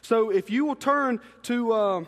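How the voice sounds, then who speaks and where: A young man preaching in a church sanctuary, his fast, excitable, joking delivery carrying a long reverb tail. His voice sits high for a man and bursts with enthusiasm. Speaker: student ministry pastor. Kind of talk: energetic sermon.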